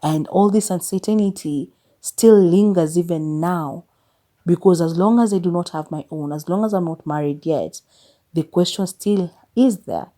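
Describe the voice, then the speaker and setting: Candid Kenyan woman, mellow low voice. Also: moderate pace. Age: 30s. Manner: candid, confessional, with bursts of exasperated emphasis; mixes English with Swahili phrases. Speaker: podcast host. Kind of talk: personal reflective monologue.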